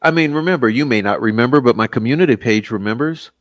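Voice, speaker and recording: A man's voice: medium pitch, fast talker, dry recording. Sarcastic man hosting a true-crime livestream. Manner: sarcastic, mocking, excitable; rambling with many fillers. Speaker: true-crime channel host. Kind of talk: live-stream commentary.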